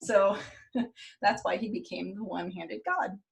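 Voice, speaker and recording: A woman's voice: medium pitch, a little slow, vocal fry. A woman podcast host telling a story casually in a loose, jokey way, with fillers and the odd curse.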